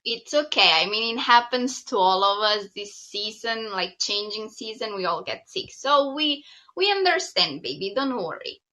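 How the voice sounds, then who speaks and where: A woman co-hosting a podcast with her partner in relaxed casual chat, often pausing on "um". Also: mid-range voice, poor audio. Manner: relaxed, with frequent "um" fillers. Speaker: podcast co-host.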